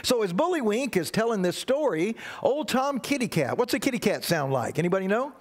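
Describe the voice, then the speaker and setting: A man's voice: sits high, very animated, fairly quick. A man leading a church service as guest pastor, telling a playful children's story and leading the congregation. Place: church sanctuary.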